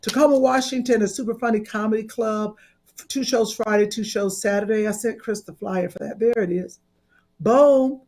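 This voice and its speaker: A woman co-hosting a casual podcast, talking loudly with laughter and halting restarts. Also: fairly high pitch. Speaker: co-host.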